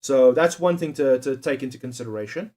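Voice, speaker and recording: A man's voice: mid-range voice, brisk, mellow. A young man, chatting casually to his live-stream chat while doing a quiz. He swears freely, jokes, and laughs often. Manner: profane, joking, laughs often, talks to chat.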